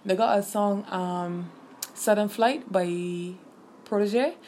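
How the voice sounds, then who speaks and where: A young woman, telling a personal story in a casual, animated and profane way. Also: medium pitch, slow pace, a little hiss or hum. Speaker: vlogger.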